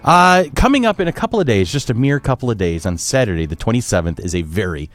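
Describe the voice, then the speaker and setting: A man's voice: fairly low pitch, sing-song, fast talker, dry recording. A man hosting a casual podcast, running through upcoming events in a cheerful announcer manner. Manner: upbeat announcer-style event rundown. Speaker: podcast host.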